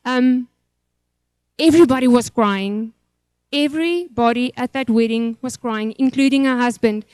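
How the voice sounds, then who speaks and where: A woman's voice: fairly high pitch, normal speed, a little mellow, clear, resonant tone, no room sound. A woman, a pastor's wife, telling an emotional, rambling church testimony. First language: Afrikaans.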